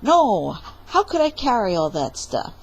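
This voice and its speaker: A woman's voice: mid-range voice, very animated, unhurried, husky, exaggerated voice, poor audio. A woman voicing a cheeky, whiny young man who talks back with sassy remarks. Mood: pleading.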